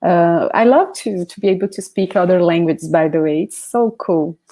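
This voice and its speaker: A woman's voice: lowish voice, moderate pace, dark tone. A Brazilian woman whose first language is Portuguese, teaching a live online language lesson with a Brazilian Portuguese accent, repeating words patiently for practice and reading viewer comments aloud.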